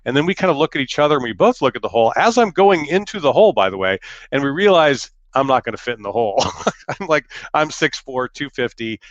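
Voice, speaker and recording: Quick-paced and very animated, this middle-aged man tells personal stories during an education webinar, joking at his own expense and using frequent fillers. His pitch is medium. The echo-free recording sounds dull.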